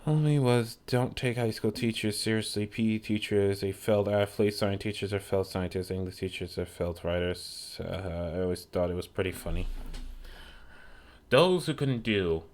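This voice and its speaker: A man's voice: lowish voice, moderate pace, darkish tone. A young man streaming a video game, chatting in a rambling, profane, sarcastic way. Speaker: gaming streamer. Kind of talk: casual chat while gaming.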